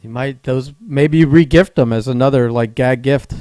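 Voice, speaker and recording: A man's voice: medium pitch, normal speed, warm tone, clean tone, no room sound, studio quality. A man co-hosting a podcast in casual chat, answering with laid-back jokes. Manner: laid-back, joking listener. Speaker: podcast co-host.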